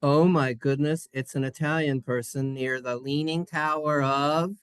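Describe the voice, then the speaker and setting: A man's voice: on the high side, steady tone, unhurried, clean tone, dry recording. A man teaching a playful Hebrew lesson to children in a synagogue classroom, jokey and sing-song.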